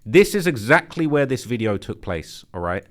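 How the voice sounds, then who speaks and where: A man hosting a commentary channel, reacting to footage in an animated, speculative, blunt and slangy way. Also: mid-range voice, moderate pace.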